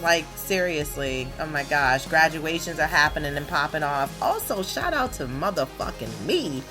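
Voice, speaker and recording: A woman, hosting a casual solo podcast in a brash, profane, animated way with sudden loud outbursts. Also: low-pitched, moderate pace, over music. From Baltimore area, USA. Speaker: podcast host.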